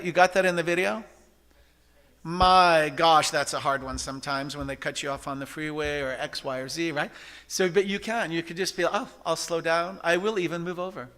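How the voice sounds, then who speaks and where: A man's voice: fairly high pitch, pushed and bright. A man giving an interactive spiritual talk to a congregation, often asking the audience questions. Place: church service hall.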